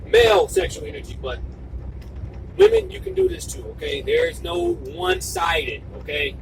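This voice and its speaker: Male video blogger, heated repetitive monologue, gravelly edge, faint background hiss. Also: very high-pitched, wildly swooping pitch, moderate pace, recorded from a distance. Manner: fervent, profane, repetitive and emphatic, sometimes shouting. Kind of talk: impassioned monologue to camera.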